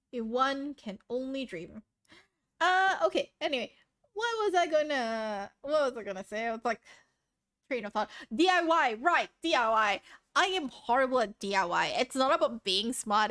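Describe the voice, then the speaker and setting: A woman's voice: a little high, fairly bright tone. A woman hosting a livestream, chatting casually with viewers, giggly and rambling, a bit sniffly, on a noise-suppressed desk mic. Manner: giggly, rambling, self-deprecating. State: sniffly from sneezing. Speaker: livestream host. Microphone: desk microphone with noise suppression.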